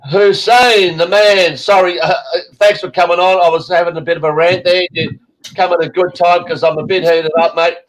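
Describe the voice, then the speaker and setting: A man's voice: high voice, flat delivery, normal speed, rough recording. An Australian man hosting an online talk show, ranting bluntly and swearing heavily. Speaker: show host.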